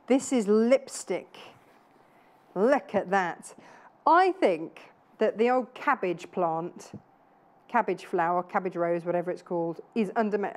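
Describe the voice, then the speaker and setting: A woman's voice: fairly low pitch, a little mellow. A woman in her thirties presenting live TV sales in a chatty, gushing way with self-deprecating asides. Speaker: shopping channel presenter. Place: TV studio.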